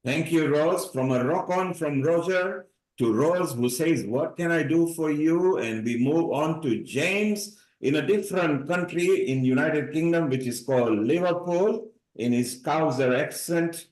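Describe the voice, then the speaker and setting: A man's voice: a little high, unhurried, darkish tone, reverberant, rough recording. A man hosting a live online celebration, introducing each participant with upbeat, playful remarks over a video call. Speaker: host of a live online event.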